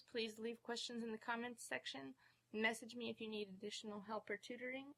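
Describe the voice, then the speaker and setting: A woman giving a recorded beginner language lesson, speaking clearly and slowing down to model each example word. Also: mid-range voice, fairly bright tone. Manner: clear, measured teaching delivery, slowing for model words. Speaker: language teacher.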